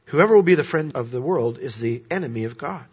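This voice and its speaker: Animated preacher man, lo-fi sound. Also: medium pitch, a little fast, slightly rough. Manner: animated preaching, swings from loud emphasis to hushed asides. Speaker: pastor. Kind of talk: sermon. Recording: dull lo-fi sermon recording.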